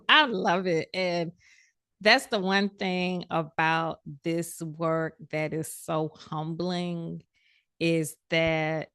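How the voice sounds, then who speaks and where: A woman's voice: lowish voice, a bit bright, dry recording, studio quality. A woman coaching a community group online, talking in an emphatic, affirming way. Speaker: coach leading a community session. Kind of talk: supportive group coaching talk.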